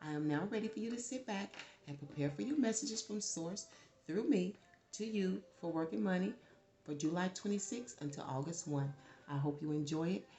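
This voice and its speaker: A woman giving a casual tarot reading, chatty and animated, swearing freely when she gets worked up. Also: on the low side, moderate pace, reverberant. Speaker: tarot reader.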